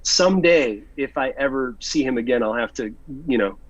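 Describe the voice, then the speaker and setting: A man tells an animated anecdote in a casual interview, restarting his sentences and acting out what people said. His voice is a bit husky, and the recording sounds dull and lo-fi. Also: mid-range voice, moderate pace, dry recording. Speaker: actor and interview guest.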